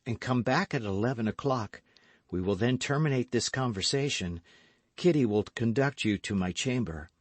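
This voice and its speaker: A man reading an audiobook voices a cold, scheming noblewoman who coaxes and commands, in a soft, measured way. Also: mid-range voice, no echo, lightly acted. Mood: commanding.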